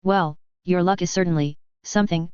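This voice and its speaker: A woman's voice: fairly low pitch, fairly even intonation, normal speed, darkish tone, smooth, dry recording, natural voice. A woman voicing a wry, laid-back male factory owner who speaks with dry sarcasm, in a dull lo-fi recording. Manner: dry, sardonic.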